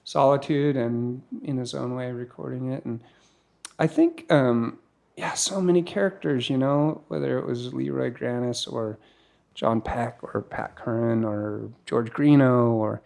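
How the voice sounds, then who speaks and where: Unhurried and creaky, his mid-range voice carries casual stories. He's a surfer and filmmaker in his fifties from California, animated as he acts out dialogue and restarts frequently.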